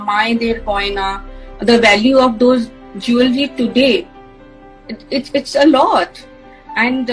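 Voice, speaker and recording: Lively woman telling stories. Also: a little high, poor audio. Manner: storytelling, switching between English and Bengali. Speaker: jewellery brand director. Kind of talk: recorded talk on jewellery.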